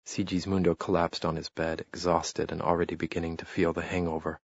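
A man narrating a novel in a measured, steady reading. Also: low voice, creaky, breathy edge, no room sound, lo-fi sound. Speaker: audiobook narrator. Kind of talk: scripted narration.

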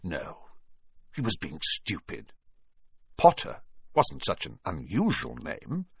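Expressive, husky male storyteller. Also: low voice, slow, no room sound, studio quality. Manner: expressive, shifting voice to follow the story. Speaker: narrator. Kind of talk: storybook reading.

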